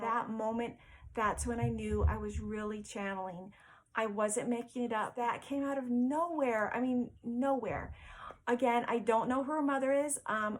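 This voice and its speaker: A woman's voice: a little high, poor audio. A woman vlogger and spiritual medium telling a personal story to camera, earnest and heartfelt, often stumbling over repeated words.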